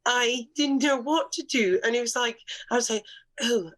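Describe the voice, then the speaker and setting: A woman with a slightly high voice talks openly on a podcast. She tells personal stories with blunt swearing and restarts. Her delivery is casual and conversational. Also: normal speed, noisy background. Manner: candid storytelling, frequent restarts and swearing. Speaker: podcast guest.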